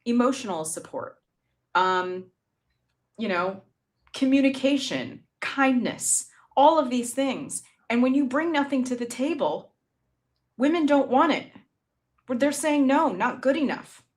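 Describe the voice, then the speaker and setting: A woman's voice: sits high, lively intonation, unhurried. A middle-aged woman co-hosting a political talk show, impassioned and indignant, often stammering into her points. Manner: impassioned and indignant, with stammered restarts and sarcastic quoting. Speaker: podcast co-host. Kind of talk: political commentary chat.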